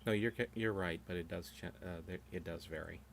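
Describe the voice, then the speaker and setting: A man guiding a live online game tour, chatting casually in a relaxed, wry way. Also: low voice, brisk, creaky, slight background noise. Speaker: tour guide. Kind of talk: casual chat on a live stream.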